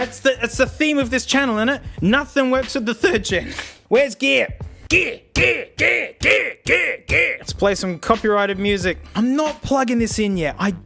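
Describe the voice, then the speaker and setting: A young man talking casually in a tech review vlog, excitable and jokey, with loud bursts of laughter. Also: sits high. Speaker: tech video host.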